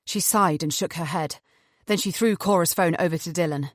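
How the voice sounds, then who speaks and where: A woman narrating a thriller audiobook in a measured, even storytelling manner. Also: fairly low pitch, no echo, clean studio sound.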